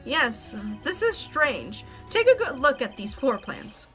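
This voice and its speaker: A woman's voice: sits high, very animated, a little slow, sharp tone, faint music behind, full character voice. A woman voicing a nervous young male defense lawyer, reading game dialogue aloud with hesitant, stumbling lines. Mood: unsure.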